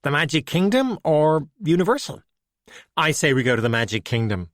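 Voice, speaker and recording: A man's voice: on the high side, very animated, moderate pace, dry recording, clean studio sound, pitched above the performer's own voice. A man voicing a spirited teenage Irish girl detective, insistent and wry. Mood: eager.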